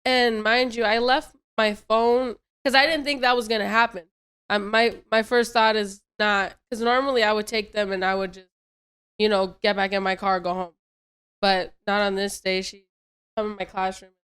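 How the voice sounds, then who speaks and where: A woman's voice: medium pitch, steady tone, normal speed, fairly bright tone, smooth. A young adult woman telling a story in casual podcast chat, rambling and repeating herself.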